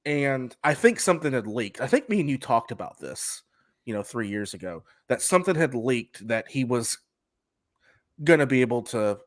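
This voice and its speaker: A man co-hosting a podcast and chatting casually, his mid-pitched voice wandering through hesitant, restarting sentences. He is recorded dry and close, with no room sound. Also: big pitch swings, normal speed, no room sound. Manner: rambling, hesitant, many restarts. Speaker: podcast co-host. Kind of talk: casual wrestling chat.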